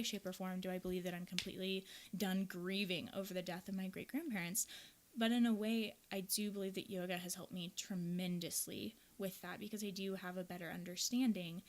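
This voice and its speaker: A woman's voice: medium pitch, darkish tone. A young woman from the American Midwest, a yoga teacher hosting a podcast, telling a personal story in a candid, earnest, reflective way.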